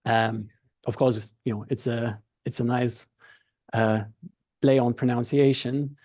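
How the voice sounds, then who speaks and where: A company founder with a Lithuanian accent appears as a podcast guest, explaining things in a calm, thoughtful, conversational way, often restarting or circling back to rephrase. His medium-pitched voice is warm and mellow and unhurried. The recording is close and dry, with no echo or room sound.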